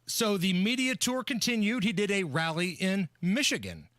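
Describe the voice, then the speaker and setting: A male talk radio host runs through the day's news with brisk, wisecracking delivery. His voice is high and bright. It comes across close and dry on a studio mic. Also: animated, dry recording. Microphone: studio microphone.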